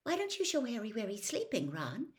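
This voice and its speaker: A woman's voice: fairly high pitch, wildly swooping pitch, fairly quick, voice pushed up. A woman voicing a clever teenage girl who speaks pointedly in a storybook reading.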